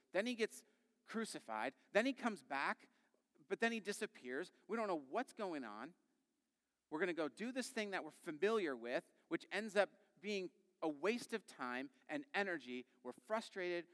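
A man in his thirties preaching a sermon in a relaxed, conversational way, acting out quick quoted voices as he tells stories. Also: fairly high pitch, smooth. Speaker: pastor. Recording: long reverb of a large hall.

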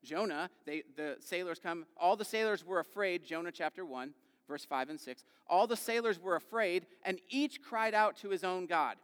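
A man preaching a sermon in a conversational way, asking the congregation questions and acting out quoted voices with big swings in loudness. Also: high voice, normal speed, clear, resonant tone. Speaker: pastor. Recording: long hall reverb.

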